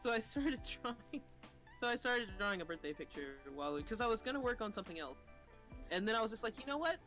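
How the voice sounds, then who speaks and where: Relaxed young man rambling on a stream. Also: high voice, quick pace, faint music behind. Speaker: artist guest on stream. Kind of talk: casual live stream chat.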